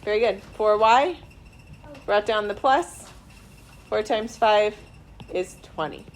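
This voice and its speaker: A woman math teacher in a classroom, walking students through problems step by step in a slow, deliberate way. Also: medium pitch, slight background noise. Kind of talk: classroom instruction.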